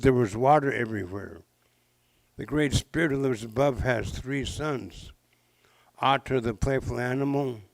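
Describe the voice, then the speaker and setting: A traditional storyteller, sixties, from the Pacific Northwest, entertains a public library audience with legends, jokey asides and interactive questions. His creaky voice sits at medium pitch, captured in a dry, rough recording.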